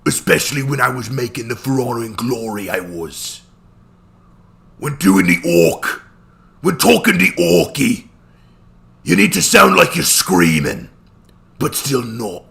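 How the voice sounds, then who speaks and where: A man voicing a dim-witted, brutish male orc in a put-on Cockney accent, talking in a half-shouted growl as he answers a live-stream chat. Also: medium pitch, big pitch swings, unhurried, creaky, pauses often, full character voice. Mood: boastful.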